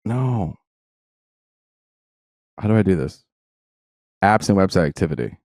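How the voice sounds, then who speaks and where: A man with a Spanish accent, chatting as a podcast co-host and telling jokey stories in a casual, animated way. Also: sits low, unhurried, dry recording. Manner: joking, animated storyteller. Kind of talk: casual chat.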